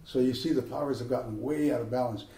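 A man, an author, giving an animated, jokey talk and Q&A to a live audience, slipping into impressions. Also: mid-range voice, fast talker. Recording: roomy hall, voice from a distance.

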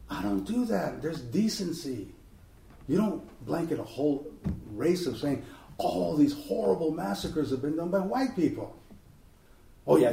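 A man, an author, giving an animated, jokey talk and Q&A to a live audience, slipping into impressions. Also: a little high, vocal fry. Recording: roomy hall, voice from a distance.

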